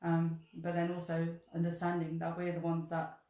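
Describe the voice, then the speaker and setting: A woman speaks in a low, fairly flat voice. She is earnest and thoughtful as she shares her experience in conversation. Her voice echoes in the room. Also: normal speed. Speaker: guest. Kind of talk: reflective conversational sharing.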